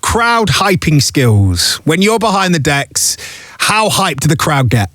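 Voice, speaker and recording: A male radio host interviewing a guest over a video call, playful and quick to laugh. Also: fairly high pitch, big pitch swings, fairly bright tone, dry recording, studio quality.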